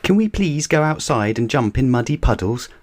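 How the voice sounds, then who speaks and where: A man's voice: medium pitch, very animated, unhurried, darkish tone, pitched above the performer's own voice. A man voicing a cheerful, bossy little girl piglet in a storybook reading, talking eagerly and insistently. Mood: pleading.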